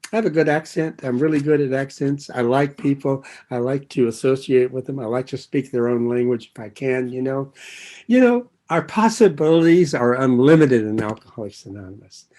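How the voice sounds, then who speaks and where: A man's voice: mid-range voice, a little mellow. An older man giving an earnest personal share at a recovery meeting, drifting off his thread and circling back, with light chuckles.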